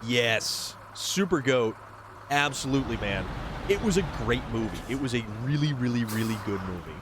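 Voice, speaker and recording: A man hosting a livestream, chatting excitedly and answering viewers while he plays a video game. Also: mid-range voice, normal speed, noisy background. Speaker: livestream host. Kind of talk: casual chat while playing a video game.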